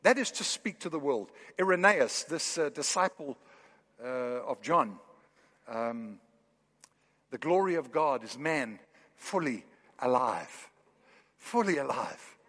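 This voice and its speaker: A man preaching a sermon in a church, with animated, building emphasis. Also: mid-range voice, slow, pauses often, in a large hall. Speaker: pastor. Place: church hall.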